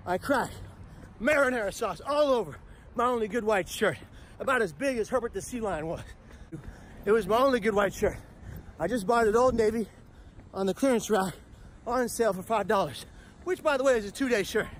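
A man speaker telling a comedic personal story in a punchy, animated way with profane asides. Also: high voice, moderate pace, pauses often, a little hiss or hum. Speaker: motivational speaker.

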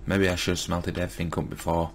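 A man's voice: sits low, little pitch movement, fast, a little hiss or hum. A man giving casual Let's Play commentary, muttering to himself and getting mildly exasperated as he crafts. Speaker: gaming YouTuber.

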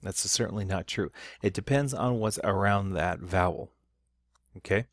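A man's voice: deep voice, normal speed, no echo, studio quality. A middle-aged man teaching a recorded online Spanish lesson, explaining patiently with repeats and restarts and stressing key sounds.

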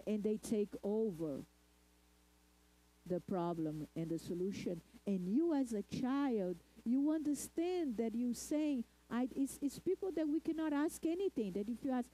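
A woman giving a lecture talk at a spiritist center, speaking deliberately and checking in with the audience. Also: fairly high pitch, dark tone, low-quality recording. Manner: deliberate, asks the audience "okay?" often.

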